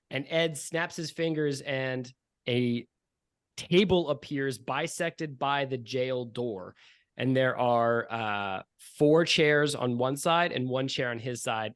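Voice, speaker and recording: A man's voice: mid-range voice, dry recording, studio quality. A man narrating as game master of a tabletop game, playful and slipping into character voices.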